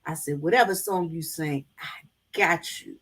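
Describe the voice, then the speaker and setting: A woman's voice: low-pitched, unhurried, fairly bright tone. A middle-aged woman, chatting casually to her viewers and telling folksy stories. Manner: folksy storytelling, addresses viewers as y'all. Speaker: vlogger. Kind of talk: casual chat to live viewers.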